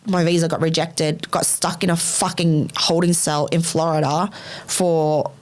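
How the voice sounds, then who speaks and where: A woman's voice: sits low, level tone, measured pace, darkish tone. A young Australian woman hosting a podcast, telling her own story candidly in blunt, run-on sentences full of swearing. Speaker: podcast host.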